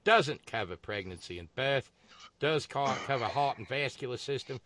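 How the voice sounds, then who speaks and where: Male talk host, animated delivery, dry asides while reading listener mail; dry booth sound. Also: mid-range voice, moderate pace, no room sound. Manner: reads figures aloud with dry asides, some stammering.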